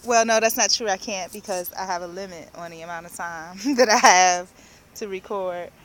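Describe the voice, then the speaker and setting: A woman's voice: mid-range voice, moderate pace, fairly bright tone, low-quality recording. A woman, ranting in a chatty, rambling way about her day and acting out what other people said in her own voice. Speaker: vlogger. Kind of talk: casual rambling rant.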